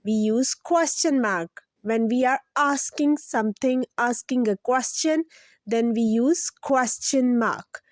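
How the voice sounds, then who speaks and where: A woman hosting a children's lesson, explaining each point slowly and simply, repeating it and asking the kids to guess. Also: on the high side. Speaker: children's teacher, channel host.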